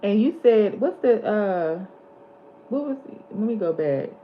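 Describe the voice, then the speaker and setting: A woman's voice: mid-range voice, animated, unhurried. A woman, chatting casually on her vlog and animatedly retelling movie scenes. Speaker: vlog host. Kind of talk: casual chat. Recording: slightly dull lo-fi audio with faint background hiss.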